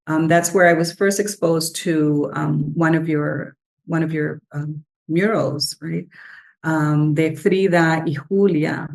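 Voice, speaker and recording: A woman's voice: low-pitched, fairly even intonation, takes it slowly, gravelly, rough recording. Woman telling a winding story. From Puerto Rico. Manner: rambling, warm storytelling with many fillers, switching into Spanish. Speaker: guest scholar. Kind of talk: conversational interview.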